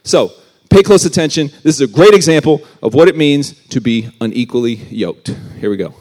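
A man giving a casual youth sermon, conversational and animated with everyday slang. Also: on the high side, brisk. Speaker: youth pastor.

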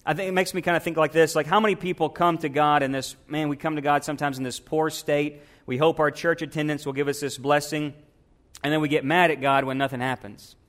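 Male pastor, sermon, emphatic preaching, slightly higher voice. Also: fairly bright tone. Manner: emphatic preaching, asks the congregation questions.

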